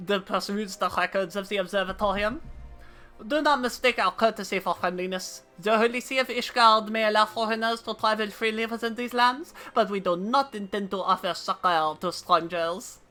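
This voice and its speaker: A woman's voice: medium pitch, moderate pace, sharp tone, faint music behind, pitched above the performer's own voice, lightly acted. A woman voicing a disdainful aristocratic noble with a put-on French accent. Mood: haughty. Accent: mock French. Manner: snooty, disdainful.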